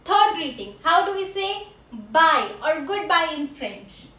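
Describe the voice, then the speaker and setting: Slow, high-voiced woman teaching French. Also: big pitch swings, bright, forceful tone. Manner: slow, repeats each word for learners. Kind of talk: classroom language lesson. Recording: echoey room.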